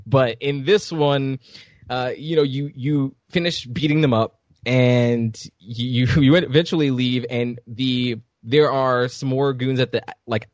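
A man's voice: mid-range voice, dry recording, lo-fi sound. A man on a podcast in casual chat, animatedly retelling a game scene and acting out the characters' lines. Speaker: podcast co-host.

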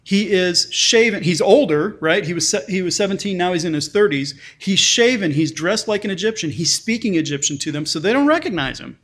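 A man's voice: high voice, animated, brisk, few pauses, fairly bright tone. A male pastor preaching a sermon in a conversational way, often restarting and repeating words, and reading scripture passages aloud with lifted emphasis.

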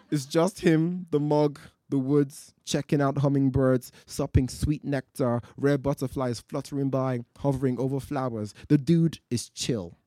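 A man from West Africa, a poet and storyteller, performing live in a festival tent with measured, rhythmic, vivid delivery. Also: mid-range voice, steady tone, dark tone, dry recording. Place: night-time festival marquee.

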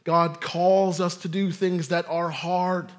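High-voiced man preaching casually. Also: fairly even intonation, takes it slowly. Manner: conversational, self-deprecating humor. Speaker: pastor. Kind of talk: sermon.

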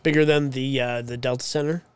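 A man's voice: medium pitch, fairly even intonation, brisk, clear, resonant tone. A man on a casual podcast chiming in with short, blunt remarks and casual swearing. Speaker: podcast co-host. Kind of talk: casual chat.

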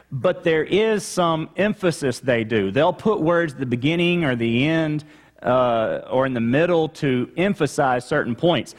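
Slow, emphatic male pastor preaching. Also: a little high. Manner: explanatory teaching, emphatic repetition. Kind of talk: sermon.

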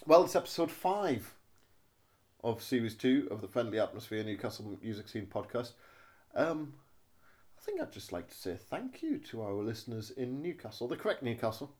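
A man's voice: medium pitch, very animated, moderate pace, a little mellow. A man co-hosting a podcast in a loose, jokey, rambling way. His voice sits in an ordinary middle register. He talks casually into a home podcast mic. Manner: jokey, rambling, breaks into silly voices and sing-song. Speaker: podcast co-host. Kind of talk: casual comic chat.

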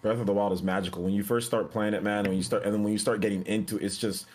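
A man's voice: lowish voice, steady tone, racing, darkish tone. A man co-hosting a gaming podcast, enthusiastic and laughing through his stories. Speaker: podcast co-host. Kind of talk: casual gaming podcast chat.

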